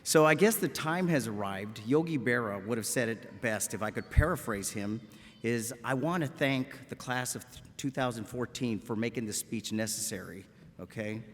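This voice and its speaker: A man's voice: medium pitch, normal speed, soft background music. A man in his fifties from South Texas with a South Texas accent, giving a commencement address as a medical school professor in a folksy, joking way, often adding a questioning "okay?". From Rio Grande Valley, South Texas. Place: large auditorium at a graduation ceremony. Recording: echoey auditorium with long reverb.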